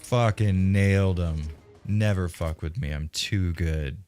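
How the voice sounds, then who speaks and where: A man's voice: low-pitched, measured pace, darkish tone, faint music behind. A young man live-streaming a shooter game, cursing freely and trash-talking enemies, sometimes dropping to a whisper when sneaking. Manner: profane, cocky trash talk at game enemies. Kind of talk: casual live-stream commentary.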